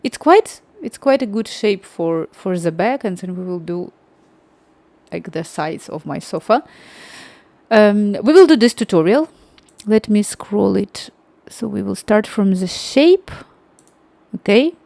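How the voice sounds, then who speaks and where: A woman's voice: mid-range voice, expressive, unhurried, vocal fry, warm tone, no room sound. A young woman from Ukraine, chatting casually on a livestream in a rambling way and talking straight to her viewers.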